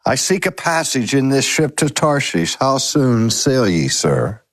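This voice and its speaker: A man's voice: medium pitch, very animated, measured pace. A man reading as a nervous, weary fugitive. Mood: uneasy. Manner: nervous, forced politeness. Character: frightened male fugitive prophet, weary and guilty.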